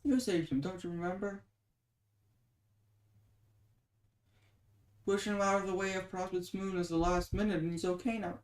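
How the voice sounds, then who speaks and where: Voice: medium pitch, fairly even intonation, fast, natural voice. A reader voicing a guilty but determined young woman, speaking in an urgent, coaxing and apologetic way. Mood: consoling. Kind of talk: dramatic reading of a webcomic. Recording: roomy echoing room.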